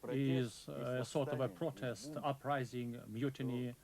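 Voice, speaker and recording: A man from Russia speaks at a panel, pausing often as he searches for words in a second language. Audible crowd noise runs behind him. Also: mid-range voice, steady tone, low-quality recording.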